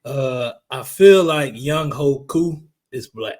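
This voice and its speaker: A man co-hosting a casual sports podcast, talking in a profane, heated, emphatic way, his voice a little hoarse. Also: medium pitch, slow, darkish tone. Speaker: podcast co-host. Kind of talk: casual sports chat and rant.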